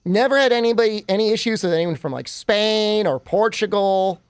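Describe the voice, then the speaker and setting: A man's voice: high voice, moderate pace, smooth, no room sound, clean studio sound. A man streaming a game, rambling and joking with his chat in a casual way. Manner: rambling, joking, talks to chat while playing.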